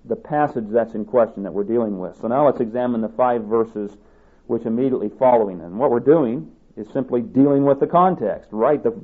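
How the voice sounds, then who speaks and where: A man preaching a sermon, reading scripture aloud and driving his points home with emphatic repetition. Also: mid-range voice. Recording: tinny phone-like sermon tape.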